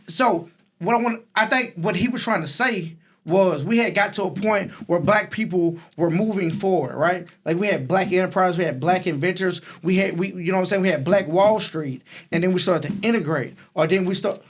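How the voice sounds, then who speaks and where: A man's voice: high-pitched, normal speed. A man, co-hosting a casual podcast debate. He rambles, restarts sentences and stacks repeated words as he builds his point. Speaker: podcast co-host.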